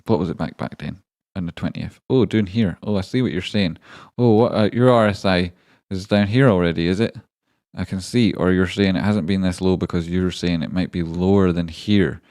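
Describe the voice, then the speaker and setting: A man with a lowish voice talks through stock charts on a live stream, wandering off on jokes and chatting to viewers by name. The sound is close and dry, with no room around it. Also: normal speed, darkish tone, no echo. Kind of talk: live-streamed chart analysis and chat reading.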